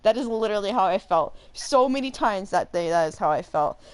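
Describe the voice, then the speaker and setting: Animated young woman telling a story. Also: medium pitch, brisk, smooth. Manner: animated, rambling, full of fillers and laughter. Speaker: gaming channel host. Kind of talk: casual storytelling while playing a game.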